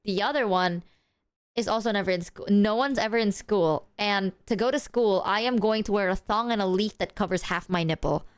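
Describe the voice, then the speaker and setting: A young woman streaming casually, rambling and excitable, swearing freely as she chats. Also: medium pitch, a little fast, clear, resonant tone. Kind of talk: casual livestream chat.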